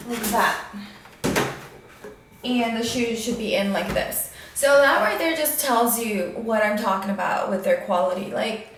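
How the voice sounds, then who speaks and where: A woman's voice: on the high side, measured pace, slight background noise. Echoey annoyed woman unboxing sandals. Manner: annoyed, complaining, with many fillers. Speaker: vlogger. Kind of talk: casual unboxing vlog. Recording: very echoey room, voice from a distance.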